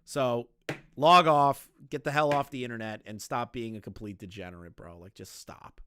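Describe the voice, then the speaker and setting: A man's voice: medium pitch, normal speed, pushed and bright, a little hiss or hum. A young man streaming live, ranting bluntly with lots of swearing and repeated phrases.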